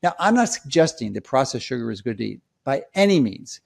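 A man of ordinary pitch gives a health explainer in an emphatic, lecturing tone. He stresses key points and repeats them so they sink in. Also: sing-song, brisk, creaky. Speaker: health commentator. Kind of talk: direct-to-camera explainer.

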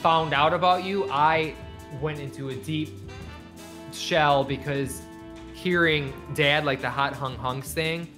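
A man's voice: a little high, slow, over music. A man casually telling a story, acting out the voices of the people in it and swearing freely. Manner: animated, acts out quoted voices, swears freely. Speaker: podcast guest.

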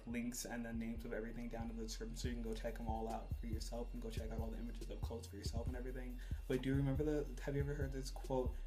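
A man's voice: medium pitch, darkish tone. A young man vlogging from his bedroom, rambling and swearing, with "like" in nearly every sentence. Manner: rambling, swears a lot, frequent "like". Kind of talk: casual chat to camera. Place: bedroom decorated for Christmas.

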